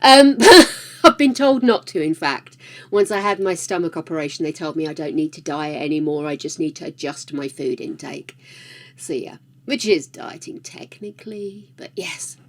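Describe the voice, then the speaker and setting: A woman's voice: low-pitched, expressive, moderate pace. A woman hosting a livestream, chatting casually with viewers, laughing often and greeting them by name. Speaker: livestream host.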